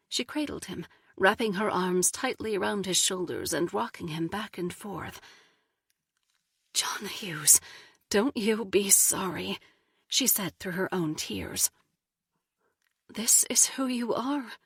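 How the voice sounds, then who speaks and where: A woman reading an audiobook as narrator, in measured scripted narration with a breathy voice. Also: on the low side, a bit bright, dry recording, studio quality. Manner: slow, measured delivery.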